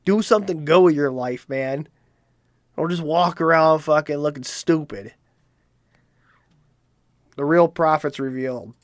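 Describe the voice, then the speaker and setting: A man's voice: fairly high pitch, measured pace, pauses often, no echo, clean studio sound. A man hosting a comedic commentary show, ranting in disbelief and swearing freely. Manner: incredulous, swearing rant. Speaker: show host.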